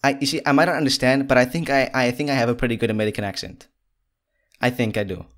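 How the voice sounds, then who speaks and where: A male podcast host in casual conversation, mid-pitched and easygoing, breaking into laughs and quick asides. He talks from a room lit by big studio lights. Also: fairly even intonation, a bit bright. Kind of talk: casual interview chat.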